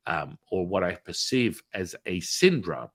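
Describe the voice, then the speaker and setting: A man hosting a podcast, telling a story in a chatty way with many fillers and tag questions, and acting out the dialogue with big swings in pitch and loudness. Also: big pitch swings, measured pace. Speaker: podcast host. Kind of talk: animated storytelling.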